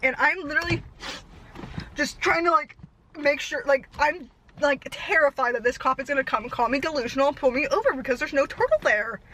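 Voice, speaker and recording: A young woman vlogger telling a rambling story fast and out of breath, laughing at herself. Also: high voice, animated, bright, forceful tone, a little hiss or hum, rough recording. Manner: breathless, fast-talking, self-deprecating.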